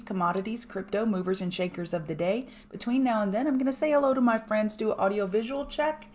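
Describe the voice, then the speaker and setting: A woman hosting a live pre-market show, chatting with viewers by name and walking through stock charts. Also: fairly high pitch. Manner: chatty, greets chat viewers by name while reading charts. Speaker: market livestream host. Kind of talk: casual live chart analysis.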